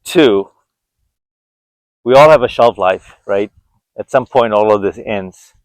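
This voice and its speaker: A man's voice: on the low side, takes it slowly, no room sound, poor audio. A man in his forties giving an earnest, reflective walk-and-talk monologue outdoors, often restarting his sentences. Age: 40s. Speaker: vlogger.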